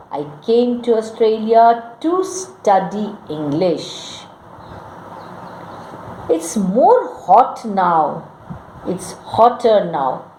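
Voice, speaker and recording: A woman's voice: on the low side, dark tone, slight background noise. A woman teaching English grammar, reading out wrong sentences, then correcting them and quizzing her students. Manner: slow, deliberate, corrects each sentence and quizzes the class. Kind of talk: classroom grammar lesson. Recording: echoey room with faint ambience.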